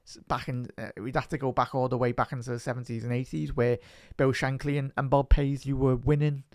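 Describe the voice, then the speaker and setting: A man's voice: medium pitch, flat delivery, fairly quick, no echo. Passionate Scouse man, dry sound. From Liverpool, England. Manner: passionate, rambling with restarts. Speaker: fan channel presenter. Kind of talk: casual reaction talk.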